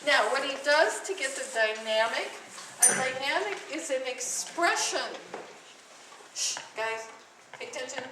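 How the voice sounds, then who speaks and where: A woman's voice: high voice, lively intonation, normal speed. Woman teacher singing solfege in echoey room. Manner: sings note names to demonstrate, quizzes class. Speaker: music teacher. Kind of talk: classroom lesson with sung solfege. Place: classroom. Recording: echoey classroom from far off, noisy.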